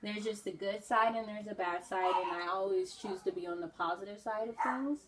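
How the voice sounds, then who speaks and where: A woman's voice: medium pitch, brisk, very noisy. Earnest woman talking while doing makeup. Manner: earnest, reflective, many fillers. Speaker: beauty vlogger.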